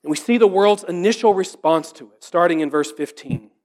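A man preaching a sermon as pastor, earnest and rhetorical, asking repeated questions and dropping to a hushed voice. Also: sits high, a little fast.

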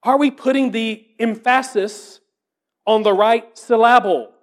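A man preaching a sermon as pastor, earnest and rhetorical, asking repeated questions and dropping to a hushed voice. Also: very high-pitched, unhurried.

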